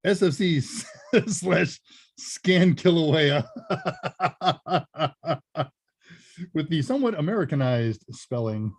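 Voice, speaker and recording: A man's voice: a little high, animated, drawn-out words, pauses often, breathy edge, dry recording, studio quality. A man hosting a live tech Q&A, chatting casually and rambling with chuckling asides. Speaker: host and senior instructor. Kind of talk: casual livestream Q&A chat.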